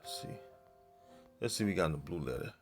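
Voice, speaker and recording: A man teaching from the Bible in a casual, halting way, full of fillers, reading verses aloud more loudly and muttering to himself while he searches. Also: low-pitched, lively intonation, faint music behind. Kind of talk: informal scripture teaching.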